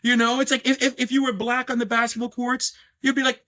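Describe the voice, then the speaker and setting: With a very high-pitched voice and a quick pace, a middle-aged New York scotch brand owner speaks animatedly in a podcast interview, peppering his talk with fillers and restarts.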